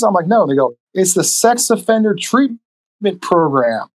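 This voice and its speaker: Animated storyteller man on a podcast. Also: sits high, normal speed. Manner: animated, profane, acts out voices in his stories. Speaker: podcast guest. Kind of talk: casual storytelling.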